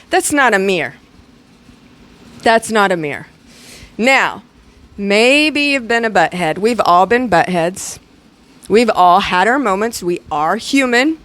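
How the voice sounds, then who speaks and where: A woman's voice: mid-range voice, slow, long pauses. Chatty woman teaching spiritual lessons. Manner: animated, chatty, playful asides.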